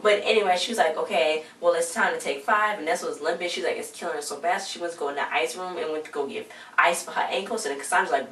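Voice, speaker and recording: A woman's voice: deep voice, fast talker, fairly bright tone. A woman casually recapping a TV episode, chatty and full of slang, acting out the characters' lines as she retells the scenes. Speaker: recap vlogger. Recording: roomy, distant home mic with faint noise.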